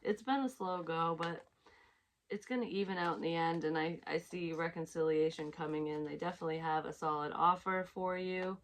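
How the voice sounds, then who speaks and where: A woman's voice: lowish voice, fairly even intonation, a little fast. A woman giving a casual tarot reading, chatty, swearing freely and laughing at herself. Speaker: psychic tarot reader.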